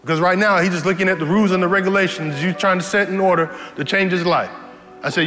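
A male pastor preaching a sermon in a church, animated and humorous, repeating key lines for effect. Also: high-pitched, fast. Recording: reverberant hall with faint music.

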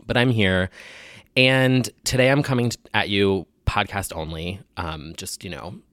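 Low, slightly nasal podcast host. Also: male voice, measured pace, fairly bright tone, no room sound, studio quality. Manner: rambling, joking, crude. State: getting over a sinus infection. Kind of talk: casual solo podcast chat.

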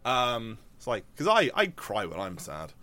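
A man's voice: fairly low pitch, wildly swooping pitch, a little slow, bright, forceful tone. Rambling young man in casual chat. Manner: rambling, tangent-prone, with many fillers and restarts. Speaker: podcast co-host.

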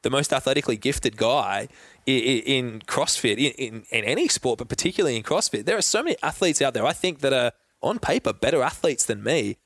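A man's voice: medium pitch, lively intonation, a little fast, a bit bright, no room sound. Laid-back Australian man, dry sound. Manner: laid-back, swears freely, talks in long run-on thoughts. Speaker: guest athlete. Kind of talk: casual podcast chat.

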